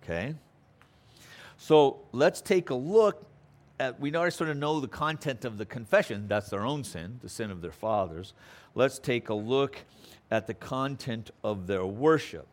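Lively conversational man teaching scripture. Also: mid-range voice, unhurried. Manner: conversational, checks in with frequent "okay?"; acts out quotes with playful voices. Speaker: Bible teacher. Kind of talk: expository Bible teaching.

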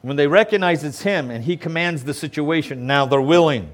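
A pastor preaching a sermon outdoors by a lakeshore, emphatic and often checking in with the listeners. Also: male voice, fairly high pitch, brisk. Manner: emphatic, keeps checking in with "okay?".

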